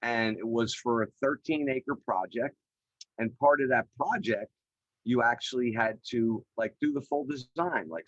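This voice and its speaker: A middle-aged man, a podcast guest, telling his career story in an energetic, chatty way with many fillers over a video call. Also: medium pitch, no echo, dull audio. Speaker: podcast guest, real estate developer. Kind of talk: animated storytelling in an interview. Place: remote call.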